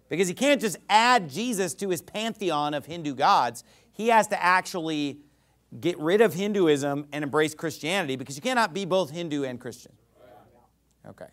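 A man's voice: high-pitched, fairly bright tone. A male pastor preaching a sermon, acting out imagined speakers as he teaches.

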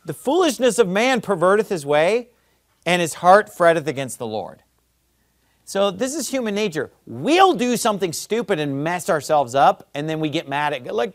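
A male pastor delivering a blunt, fiery sermon. His voice sits a little high for a man, and he swings from loud, hammering emphasis down to low, muttered asides. The sound is close and dry. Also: very animated, normal speed, no echo.

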